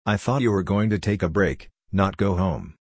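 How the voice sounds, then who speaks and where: A man's voice: sits low, normal speed, no echo, studio quality. A man voicing a brusque, overworked female supervisor in a story reading, snappish and stern.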